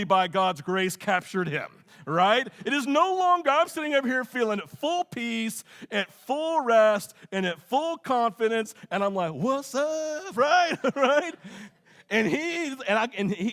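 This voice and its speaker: A middle-aged man preaching a sermon, telling a childhood story in an animated, conversational way and often checking in with "right?". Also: high voice. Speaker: pastor.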